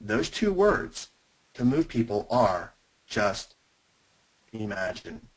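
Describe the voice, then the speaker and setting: Husky-voiced man teaching a sales webinar. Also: lowish voice, sing-song, slow, rough recording. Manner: emphatic, direct address to listeners.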